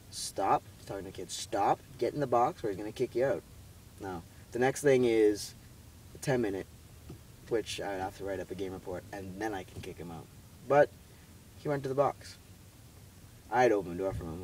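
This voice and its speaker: A young man chatting casually in a rambling, animated way, full of fillers, telling a story from inside a car. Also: on the low side, distant mic, slight background noise, rough recording. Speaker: vlogger. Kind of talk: casual chat.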